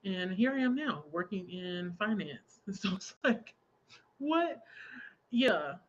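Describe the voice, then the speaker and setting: A young adult woman hosting a relaxed crafting livestream, chatting casually, laughing often and reading out viewer comments. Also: on the low side, unhurried, dull audio. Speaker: livestream host. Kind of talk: casual chat while crafting.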